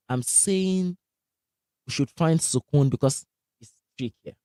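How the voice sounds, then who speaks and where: A man leads a live online recitation lesson. He is energetic, quizzes his class, and repeats sounds to show how they are made. His voice sits a little high, and the sound is dry and close. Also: slow, long pauses, no room sound. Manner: asks the class questions. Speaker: Quran recitation teacher.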